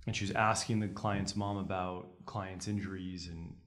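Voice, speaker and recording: A man's voice: low voice, fairly even intonation, moderate pace, a bit bright. A young man, a trial lawyer guest on a podcast, telling courtroom stories with energy. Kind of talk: conversational podcast interview.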